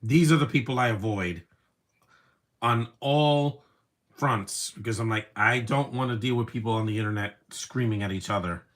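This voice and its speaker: A man's voice: medium pitch, normal speed, a bit bright. A man giving casual live commentary over a movie, rambling from one opinionated aside to the next.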